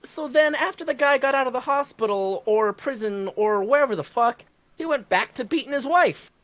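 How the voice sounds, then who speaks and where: A woman telling a work story in a casual podcast chat, animated and profane. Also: a little high, normal speed.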